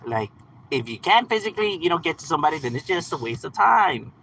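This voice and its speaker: A man's voice: on the high side, very animated, fast, vocal fry, pushed and bright, a little hiss or hum, low-quality recording. A man hosting a livestream, reading out chat messages and answering in a laid-back, slangy, profane way with frequent laughs. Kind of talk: casual live chat.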